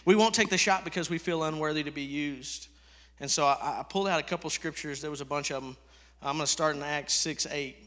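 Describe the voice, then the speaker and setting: A pastor preaching a sermon in a conversational way, swinging from hushed to loud. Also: male voice, fairly high pitch, fairly quick. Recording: echoey hall reverb.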